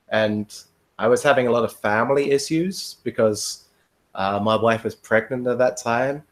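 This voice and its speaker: Swearing, rambling man telling stories. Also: on the low side. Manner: swears freely, rambling storytelling; laughs often, animated. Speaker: podcast guest. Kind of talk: casual podcast chat.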